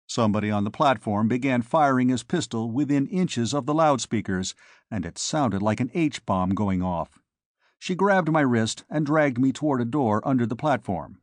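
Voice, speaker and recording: A man's voice: mid-range voice, expressive, moderate pace, dry recording, clean studio sound. Man reading wry first-person sci-fi narration. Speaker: audiobook narrator.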